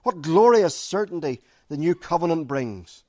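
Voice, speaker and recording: Preacher, male, slightly high voice; repeats key lines, swings from emphatic to hushed. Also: animated, normal speed. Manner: shifts from loud stresses to quiet, intimate asides. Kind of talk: sermon.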